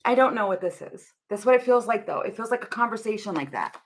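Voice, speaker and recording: A woman's voice: mid-range voice, animated, fast. Young woman doing a tarot reading on camera, giggly and rambly, faint noise behind her. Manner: giggly, rambling, thinks aloud with frequent laughs. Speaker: tarot reader.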